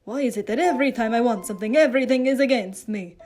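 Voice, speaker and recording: A woman voicing a hot-tempered, foul-mouthed teenage boy in a story reading, snapping and yelling. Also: on the high side, fast talker, lightly acted. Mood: angry.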